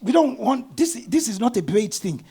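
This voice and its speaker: Middle-aged male pastor, husky high voice, lively storytelling sermon. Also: normal speed. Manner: animated storytelling, bursts of shouting.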